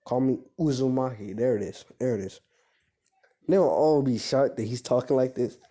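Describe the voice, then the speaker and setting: A man improvising a fan-fiction story out loud, rambling and correcting himself, in slangy casual speech. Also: mid-range voice, moderate pace.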